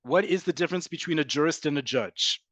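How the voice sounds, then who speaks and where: A man's voice: on the high side, fast, fairly bright tone, no room sound. Emphatic man teaching Hebrew words. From from an American family. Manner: emphatic, repeats and drills pronunciations, addresses viewers as folks. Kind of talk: live online language class.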